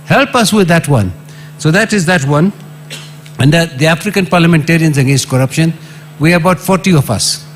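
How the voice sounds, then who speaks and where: A middle-aged man with a Kenyan accent speaks at an assembly, his fairly high voice leaping up when he drives a point home. He repeats his demands with emphasis, a faint hum running underneath. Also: expressive, brisk. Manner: emphatic and repetitive, with sudden rises in pitch and restarts. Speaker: former member of parliament. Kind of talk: impassioned public address.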